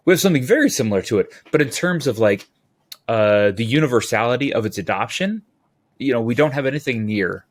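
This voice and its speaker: A man from California talking as a podcast guest, rambling and animated, with quick asides and restarts. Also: on the low side. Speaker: podcast guest, utility locator. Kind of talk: casual interview talk.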